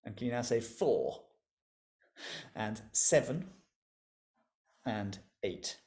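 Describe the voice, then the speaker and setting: This man's lowish, slightly mellow voice moves slowly but swings widely in pitch. Running an interactive online music lesson by video call, he stays encouraging and playful, laughing a lot while leading the group in call-and-response.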